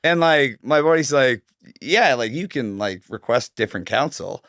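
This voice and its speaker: A young man tells a story loosely and animatedly, swearing freely and slipping into the voices of the people he quotes. His voice sits at an ordinary middle pitch. The recording is dry and close. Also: animated, normal speed, fairly bright tone, dry recording. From Canada. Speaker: guest telling his life story. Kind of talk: casual storytelling.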